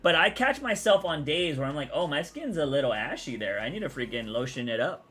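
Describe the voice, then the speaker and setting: A man's voice: fairly high pitch, lively intonation, a little fast, a bit bright, breathy edge. Laid-back Texan man chatting on stream. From Texas, USA. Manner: rambling, laid-back, answers chat. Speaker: live streamer. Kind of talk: casual live-stream chat.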